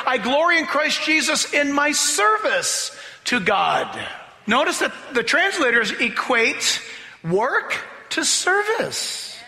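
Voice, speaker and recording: A man preaching a sermon in a church, emphatic and animated, slowing down to read scripture and breaking into mocking voices. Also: extremely high pitch. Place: church sanctuary. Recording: long reverb of a hall.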